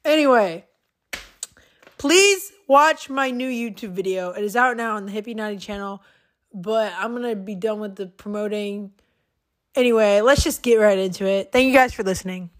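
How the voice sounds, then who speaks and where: A young woman hosting her own podcast, talking casually in a chatty, rambling, excitable way. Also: medium pitch, moderate pace. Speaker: podcast host. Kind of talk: casual solo podcast chat.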